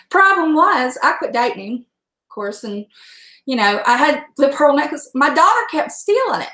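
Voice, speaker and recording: A woman's voice: high voice, gravelly, fairly bright tone. A middle-aged woman, chatting salty and laughing often while she hosts a cooking livestream. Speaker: host. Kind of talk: casual livestream chat. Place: home kitchen. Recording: echoey room.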